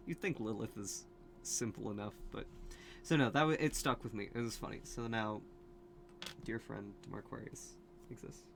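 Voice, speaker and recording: A man's voice: fairly low pitch, normal speed, creaky, pauses often. A man hosting a casual video commentary, rambling with many fillers, asides and restarts. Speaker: video host.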